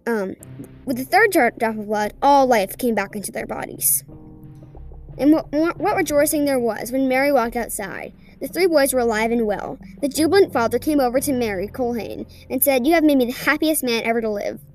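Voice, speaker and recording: A woman hosting a podcast, reading a ghost story aloud in an earnest, deliberate way. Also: fairly high pitch, lively intonation, darkish tone, soft background music. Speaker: podcast host.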